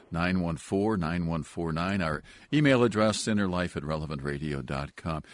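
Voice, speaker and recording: A male radio host with a low voice and a dry, close studio sound. He reads phone numbers and sponsor notes briskly, then slows into reflective questions for his guest. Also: dry recording. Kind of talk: radio talk show hosting.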